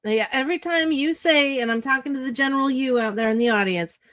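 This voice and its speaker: A woman co-hosting a casual chat, delivering lively motivational advice with plenty of cursing. Her voice sits fairly high. The sound is dry and close-miked. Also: quick pace, dry recording. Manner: animated, profane, spiritual pep talk. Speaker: co-host, author.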